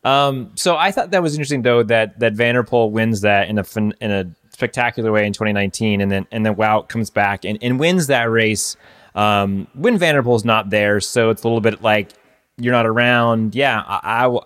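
A man's voice: fairly low pitch, fairly quick, fairly bright tone. A man co-hosting a casual podcast chat, talking in a loose, rambling way with many fillers. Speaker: podcast co-host. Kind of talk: casual chat about cycling.

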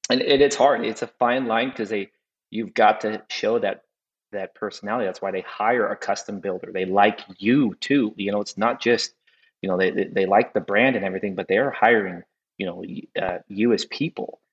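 A custom home builder talks as a guest in a casual, reflective conversation, often repeating words as he thinks. His voice is on the low side at a moderate pace, and the recording sounds dull with long reverb.

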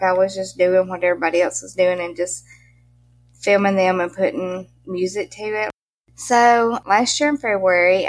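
A middle-aged Mississippi woman with a strong Southern accent chats as an interview guest, a pet content creator, in a medium-pitched voice over a slight hiss or hum. She laughs often and uses country turns of phrase.

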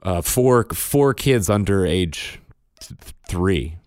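A man's voice: low voice, animated, slow, darkish tone, no echo, clean studio sound. A man, a father, telling a parenting story in casual chat, matter-of-fact in tone. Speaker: podcast co-host and father.

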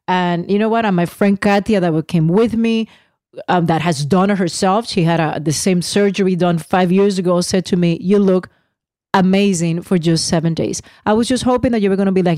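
A middle-aged woman co-hosting a podcast, telling a story in lively casual chat and laughing often. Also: mid-range voice, fairly quick, no room sound, studio quality. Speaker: podcast co-host.

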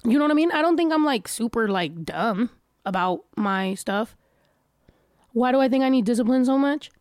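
Woman, stuffy nose, slightly high voice, dry sound, casual profane chat. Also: animated, normal speed, darkish tone, smooth, no room sound. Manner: blunt, profane, laughs often. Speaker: streamer reading viewer comments.

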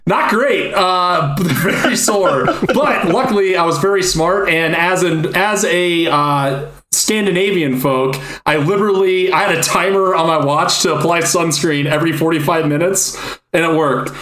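High-voiced jokey man, roomy sound. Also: measured pace, a bit bright. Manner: jokey, rambling, laughs often. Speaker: podcast co-host. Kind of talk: casual chat.

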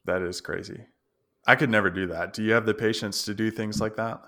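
This is a male podcast host with a low-pitched voice. His tone is bright and forceful. He asks curious, short follow-up questions in a casual interview. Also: fairly even intonation, fairly quick.

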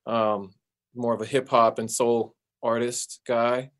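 A male singer talking in a relaxed, easygoing way as an interview guest. His voice sits in an ordinary middle range, and his speech is loose and full of fillers. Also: medium pitch, slow. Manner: relaxed, laid-back, with fillers and playful sung bits. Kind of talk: casual interview chat.

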